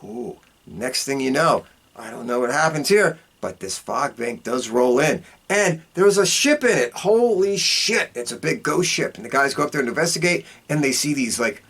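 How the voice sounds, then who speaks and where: A man of middle pitch tells a film's plot as a casual podcast host. His delivery is animated, jumping high and dropping low for effect. He swears freely and leans on a stock catchphrase. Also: moderate pace, husky. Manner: animated storytelling with big pitch swings; profane, repeats a catchphrase. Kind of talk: casual movie recap.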